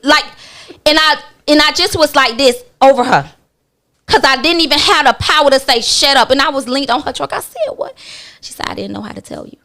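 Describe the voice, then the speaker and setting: A woman's voice: high-pitched, brisk. A woman guest on a talk radio show tells a personal story candidly, acting out other people's lines as she goes. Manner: animated, acts out other people's lines in her retelling; blunt and candid, with casual swearing.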